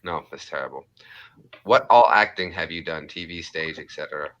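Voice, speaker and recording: A man's voice: rumbling low, moderate pace, fairly bright tone, muffled recording. A man hosting a live chat, joking and rambling with frequent fillers. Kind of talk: casual chat.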